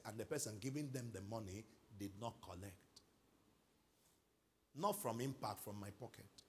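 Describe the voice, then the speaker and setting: A middle-aged Nigerian man preaching a sermon as pastor, moving from quiet asides to loud exhortation and calling for responses. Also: lowish voice, normal speed, long pauses, slight background noise. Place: large church hall.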